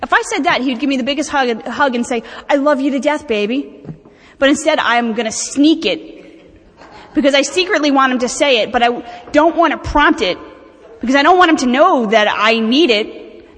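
A woman's voice: high-pitched, animated, brisk, a bit bright. A middle-aged woman speaking candidly and animatedly about her own recovery, with self-mocking humor. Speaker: speaker sharing recovery experience. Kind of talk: personal talk at a recovery meeting. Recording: long hall reverb.

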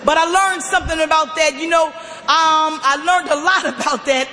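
An emphatic woman tells her own story to a recovery meeting. Her forceful voice often rises close to a shout. The sound carries long reverb, as if from a large hall. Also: sits high, steady tone, normal speed, a little hiss or hum. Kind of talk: personal testimony share.

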